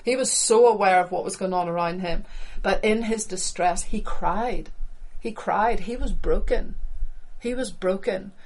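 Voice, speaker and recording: A woman's voice: medium pitch, measured pace. Impassioned woman preaching a sermon. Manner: impassioned, repeats phrases for emphasis, swings between hushed and loud.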